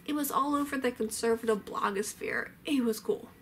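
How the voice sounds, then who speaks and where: A woman in her thirties with a high, bright voice, chatting casually about her old videos. She is animated and sarcastic, tossing in quick wry asides. A faint hiss of background noise sits under her. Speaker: vlogger. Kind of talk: casual commentary on old clips.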